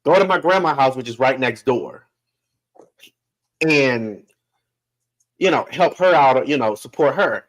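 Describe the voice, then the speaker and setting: A podcast guest with a medium-pitched voice tells a family story casually and with animation, laughing often and imitating other people's voices. He speaks a little slowly and pauses often, and the recording is low quality.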